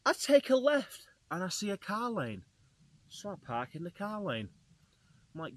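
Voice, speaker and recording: A man, a travel vlogger, telling a story to camera in a lively, chatty way and talking straight to his viewers. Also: fairly high pitch, moderate pace, no echo.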